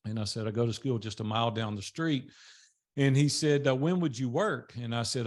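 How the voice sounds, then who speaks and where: An older man from Nashville with a Southern Tennessee drawl, telling his life story in a folksy, motivational guest talk. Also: mid-range voice. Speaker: guest speaker.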